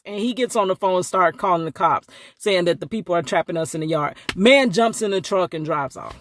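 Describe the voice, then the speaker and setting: A woman's voice: moderate pace, no room sound, studio quality. A woman telling a story to camera in a casual vlog, acting out each person with big jumps in her voice and laughing often. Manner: animated, acts out quotes with big pitch jumps, laughs often.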